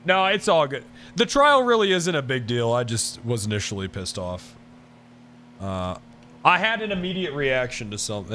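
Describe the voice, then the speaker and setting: A man's voice: mid-range voice, very animated, normal speed, sharp tone, a little hiss or hum. A man chatting casually with his livestream viewers. He swears freely, laughs often and works himself up into mock outrage.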